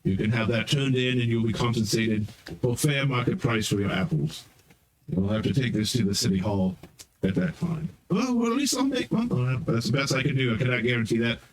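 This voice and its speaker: A man's voice: medium pitch, animated, brisk, slight background noise, close to an everyday voice. A man voicing a stern, officious male captain of the city guard in a tabletop game. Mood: apologetic.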